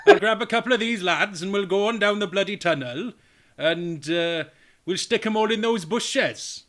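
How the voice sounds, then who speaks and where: A boisterous Welsh man from the valleys, as a man puts him on, bright and a touch high. He rambles on proudly about himself and swears freely. The voice of a tabletop game character. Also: normal speed, slight background noise. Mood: cocky.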